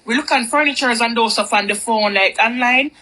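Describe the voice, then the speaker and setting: A woman's voice: fairly high pitch, a little fast, bright, forceful tone, low-quality recording. A woman telling a personal story in a candid, rambling, chatty way. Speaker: vlogger. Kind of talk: storytime monologue.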